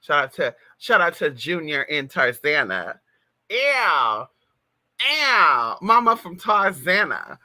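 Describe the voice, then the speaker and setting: A trans woman in her thirties from California hosts a casual livestream through a plug-in mic, telling a gossipy story straight to viewers and peppering it with "girl" and "y'all." Her low voice is very animated, slow, bright and forceful.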